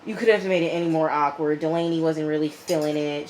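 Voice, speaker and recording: A woman casually recapping a TV episode in a chatty, animated way, often checking in with "okay?" and acting out the people she quotes. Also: sits low, fast, slight background noise, low-quality recording. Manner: chatty, animated retelling with frequent "okay?" and fillers. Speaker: TV episode reviewer.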